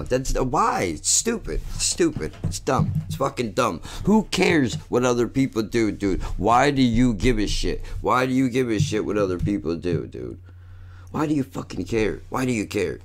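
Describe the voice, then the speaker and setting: A man with a somewhat low voice rants off the cuff, profane and rambling. He tacks "dude" and "bro" onto nearly every thought in a loose, casual commentary. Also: big pitch swings, normal speed.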